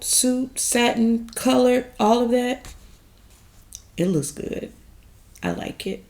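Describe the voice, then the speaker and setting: Slow, chatty woman recapping TV. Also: mid-range voice. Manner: chatty, addresses viewers as y'all, laughs often. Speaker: recap host. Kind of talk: casual TV recap chat.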